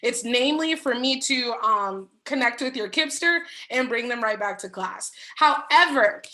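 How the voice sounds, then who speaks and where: A woman's voice: on the high side, expressive, normal speed, sharp tone. A woman school social worker making friendly, explanatory announcements to families at a town hall, with frequent ums.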